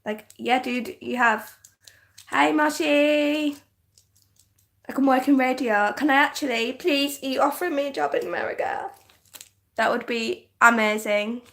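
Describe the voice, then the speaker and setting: A young woman from northern England with a softened English accent, chatting casually on a livestream, giggly and full of "like" fillers. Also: high-pitched, moderate pace. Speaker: livestream host. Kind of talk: casual livestream chat reading comments.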